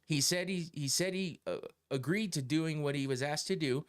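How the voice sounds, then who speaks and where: A man's voice: fairly high pitch, moderate pace, smooth. A middle-aged man hosting a podcast, ranting heatedly and swearing a lot, with frequent laughs. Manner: profane, heated, laughs often. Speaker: podcast host. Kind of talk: casual opinion rant.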